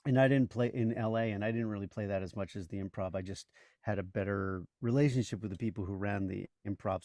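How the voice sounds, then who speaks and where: A man in his sixties with a low, gravelly voice tells showbiz stories in a loose, rambling way, full of "you know"s and restarts. The recording is dry and close. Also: darkish tone, no room sound. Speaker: guest, voice actor and comedian. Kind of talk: casual interview chat.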